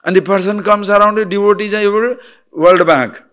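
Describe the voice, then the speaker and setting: A man's voice: high-pitched, steady tone, moderate pace, a bit bright, clean tone. A man giving a spiritual discourse as a teacher, blunt and teasing, full of rhetorical questions.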